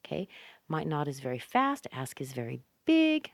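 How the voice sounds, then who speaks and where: A woman with a North American accent teaching English pronunciation, repeating example phrases slowly with exaggerated stress. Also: low voice, wildly swooping pitch, vocal fry, dry recording. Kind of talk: scripted pronunciation lesson.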